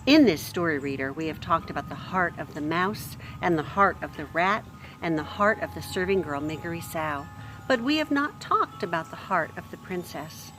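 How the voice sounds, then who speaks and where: A woman reading a chapter book aloud to children in a gentle manner, talking to her listeners and explaining words as she goes. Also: on the low side, lively intonation, normal speed, over music. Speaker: storybook reader. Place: home near a street.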